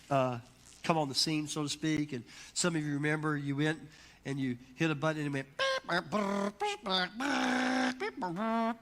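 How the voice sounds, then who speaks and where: Middle-aged pastor preaching, bright ringing voice, lots of hall echo, gets loud and punchy. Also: male voice, fairly high pitch. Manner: emphatic, builds to loud preaching peaks. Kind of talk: sermon with storytelling. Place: church sanctuary. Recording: long church hall reverb.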